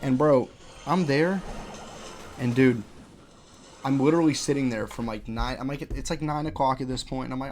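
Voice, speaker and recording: A young man ranting at home about his restaurant job while playing a game, animated, profane and full of slang. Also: mid-range voice, normal speed, long pauses, faint music behind. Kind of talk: casual rant over gameplay.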